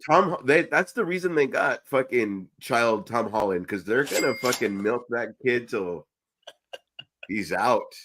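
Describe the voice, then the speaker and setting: A man's voice: mid-range voice, expressive, unhurried, fairly bright tone. A man hosting a podcast in casual chat, swearing freely and joking around. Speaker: podcast host.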